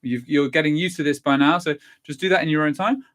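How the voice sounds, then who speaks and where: A cheerful man leading a vocal warm-up lesson, counting through the exercises and encouraging the listener, a little stuffy from a cold. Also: on the high side, fast. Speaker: singing and vocal warm-up teacher.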